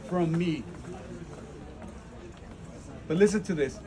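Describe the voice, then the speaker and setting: A man's voice: fairly high pitch, slow, long pauses, darkish tone, slight background noise, rough recording. A man preaching a sermon outdoors at a holy site, earnest and rising to fervent emphasis. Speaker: pastor.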